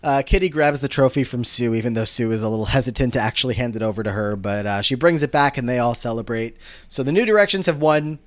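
A man's voice: mid-range voice, fast. A man co-hosting a podcast, casually recapping a TV episode and quoting the characters as he tells it. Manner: storytelling recap that quotes characters.

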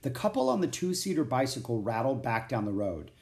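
A man reads a children's chapter book aloud in a clear, steady storytelling voice. His pitch moves lively through the narration, at a middling register. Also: a little fast.

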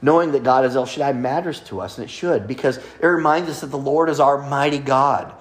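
A man's voice: medium pitch, fairly quick. Man teaching a sermon. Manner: teaching, reading scripture aloud, light asides. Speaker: preacher.

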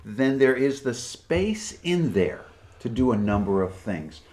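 A man co-hosting a casual podcast, explaining his points in a measured way. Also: medium pitch, very animated, a little mellow. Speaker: podcast co-host.

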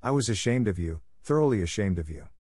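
A strict middle-aged woman scolds with severe, dry authority, as a man reads her part with a low voice. The sound is close and free of room echo. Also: animated, quick pace, darkish tone. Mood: stern.

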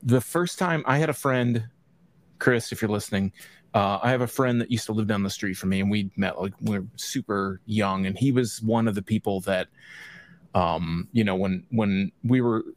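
A man guesting on a podcast, rambling through a memory with plenty of ums and restarts. His voice sits fairly low. The sound is dry and close, with no room around it. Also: moderate pace, no echo. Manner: rambling, hesitant, many ums. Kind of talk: casual podcast chat.

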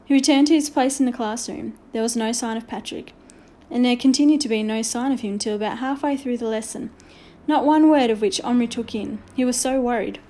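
A woman narrating a children's storybook aloud in an expressive, measured way. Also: fairly high pitch. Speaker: audiobook reader.

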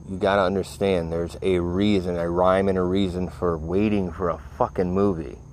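A man's voice: low-pitched, little pitch movement, normal speed, a little mellow, slight background noise. A tired man rambling casually to his audience, laid-back and full of profanity. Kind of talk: casual rambling talk to camera.

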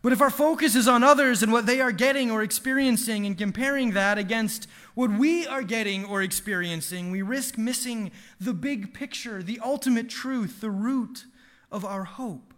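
A man, a father in his thirties, giving an earnest devotional talk, telling a family story with animated asides and quick restarts. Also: extremely high pitch. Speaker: preacher.

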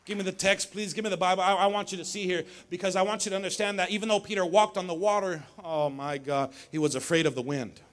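A male pastor preaching a sermon in church, swinging between shouted climaxes and low storytelling, calling on the congregation to respond. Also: fairly even intonation, fast, hardly any pauses. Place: church sanctuary.

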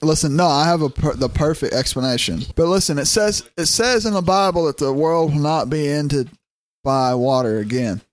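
A man's voice: a little high, normal speed, dry recording. A young man co-hosting a podcast in casual chat, rambling with lots of fillers and swearing freely. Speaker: podcast co-host.

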